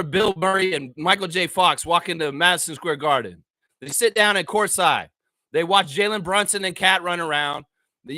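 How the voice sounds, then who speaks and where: A man hosting a sports show, ranting heatedly in casual, profane talk and often shouting. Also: sits high. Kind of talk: casual fan rant.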